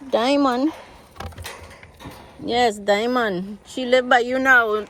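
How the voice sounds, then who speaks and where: American woman vlogger, unhurried and chatty, recorded outside on a phone. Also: fairly bright tone, a little hiss or hum. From United States. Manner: chatty, talks to animals in a high coaxing voice. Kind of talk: casual vlog narration. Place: outdoors on a farm plot.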